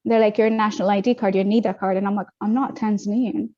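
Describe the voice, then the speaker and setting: A young adult woman from Australia, a guest telling her story in a casual interview, animated and quick, acting out what others said. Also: medium pitch. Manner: animated, quick retelling with acted-out quotes. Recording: dull lo-fi audio.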